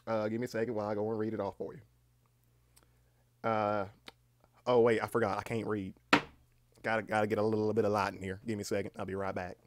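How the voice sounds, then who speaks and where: A young man hosting a casual livestream chat in a rambling, halting way, with deadpan, self-mocking humor. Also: on the low side, slight background noise. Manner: rambling and halting, with many restarts. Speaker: livestream host.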